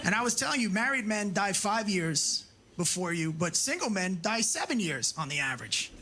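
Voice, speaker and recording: High-voiced profane stand-up comedian, man. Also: very animated, moderate pace, pushed and bright. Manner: profane, storytelling, acts out dialogue. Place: comedy club stage.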